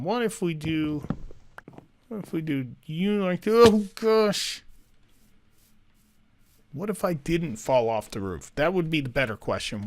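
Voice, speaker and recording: A man giving let's play commentary as he builds, thinking aloud and talking to himself as he goes. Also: fairly high pitch. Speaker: gaming YouTuber.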